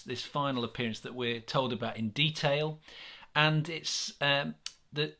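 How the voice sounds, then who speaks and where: A man with an English accent giving a gentle, earnest sermon reflection, with many pauses and restarts. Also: mid-range voice. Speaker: church minister.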